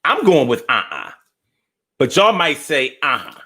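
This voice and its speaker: Animated man, wildly swinging pitch. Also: a little slow, slightly rough. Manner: animated, profane, playful, swings between loud outbursts and mutters. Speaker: live-stream host reading viewer comments. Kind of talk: casual live chat.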